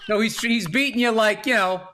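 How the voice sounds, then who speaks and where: A man with a high, bright, forceful voice makes blunt, crude jokes in podcast chat. A faint noise sits behind him. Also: a little fast.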